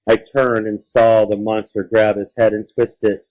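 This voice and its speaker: A man reading a children's scary story aloud, dramatic, dropping low and quiet for suspense. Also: flat delivery, normal speed, poor audio. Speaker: story reader.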